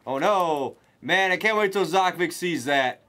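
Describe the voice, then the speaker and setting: Excitable man calling card pulls. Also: sits high. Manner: excitable, chatty, rapid play-by-play of pulls. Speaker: card break host. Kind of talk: casual chat while opening cards.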